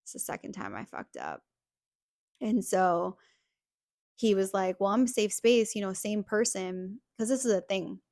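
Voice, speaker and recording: A young woman hosting a podcast tells a personal story in a casual, chatty way, packed with "like" fillers. Her mid-range voice has a darkish tone and lively intonation at a measured pace, recorded cleanly in a studio with no echo.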